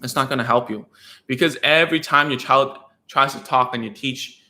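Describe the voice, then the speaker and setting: Bright-voiced male speech therapist. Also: mid-range voice, moderate pace, reverberant. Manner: conversational, rambling with frequent fillers and tag questions. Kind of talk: casual educational talk to parents.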